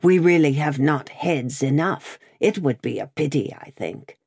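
A woman reading aloud, voicing a cruel male revolutionary juror with a croaking voice and slow, relishing delivery. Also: low-pitched, animated, a little mellow, no echo, studio quality, full character voice. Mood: gloating.

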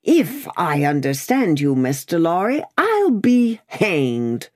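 Woman reading as a blustering male lawyer, pompous, slow and emphatic, audiobook voice. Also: lowish voice, huge pitch swings, no room sound, studio quality, heavily acted. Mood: indignant. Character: blustering proud middle-aged male lawyer. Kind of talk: audiobook character voice.

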